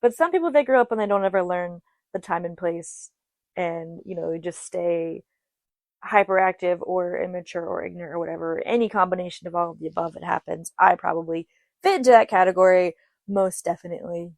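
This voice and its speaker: A young adult woman hosting a podcast, chatting casually and laughing often as she tells stories and quotes others in quick asides. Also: on the low side, vocal fry, no echo. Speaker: podcast host. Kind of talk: casual solo podcast storytelling.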